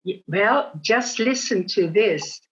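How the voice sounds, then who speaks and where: A woman's voice: medium pitch, expressive, takes it slowly, a bit bright, muffled recording. An older woman doing an eager, chatty pub landlord. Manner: eager, exclaiming.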